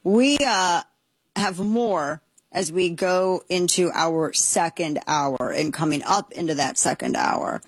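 A woman's voice: fairly low pitch, takes it slowly, slightly rough, no echo. A woman hosting a talk radio show, reacting with incredulous, joking exclamations. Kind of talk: casual talk radio commentary.

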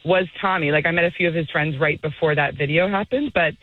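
A woman's voice: low-pitched, fast talker, no echo. A middle-aged woman guest in a casual phone interview, rambling and laughing with many fillers. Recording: tinny phone line.

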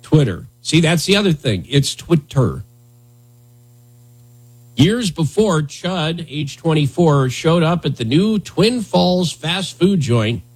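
A man's voice: a little high, slightly rough. A man hosting a talk radio show, riffing in a sarcastic, rambling, mock-indignant way. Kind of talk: casual comedic talk radio banter.

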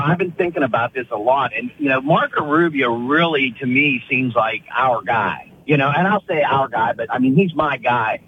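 A man calling into a radio show, rambling and saying "you know" constantly. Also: medium pitch. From Pittsburgh area. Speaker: caller. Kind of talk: call-in phone chat. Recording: dull lo-fi phone call with faint noise.

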